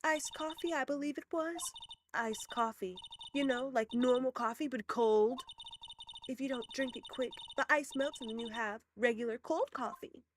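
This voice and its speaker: A woman's voice: high-pitched, normal speed, background noise, close to an everyday voice. A woman putting on a cutesy scheming witness girl. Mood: coy. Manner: breathy baby-voiced whining and pouting. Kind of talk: voicing a video game character while playing. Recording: game music behind.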